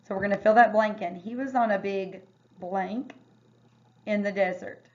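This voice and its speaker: A woman teacher leading a phonics lesson, sounding out words slowly and carefully. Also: mid-range voice, steady tone, a little mellow. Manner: slow, careful word-by-word sounding out. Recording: dull lo-fi recording.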